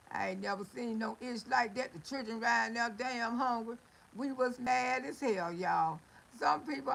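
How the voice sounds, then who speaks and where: A woman's voice: a little high, vocal fry, sharp tone, poor audio. A middle-aged woman hosting a livestream, chatting with viewers in a folksy, scolding way and telling stories. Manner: folksy, scolding, storytelling with laughs and exclamations. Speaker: livestream host. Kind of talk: casual livestream talk to viewers.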